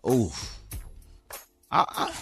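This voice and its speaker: A man's voice: very slow, a bit bright, soft background music. A man co-hosting a sports radio show, laid-back and brief in his remarks. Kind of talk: casual sports radio banter.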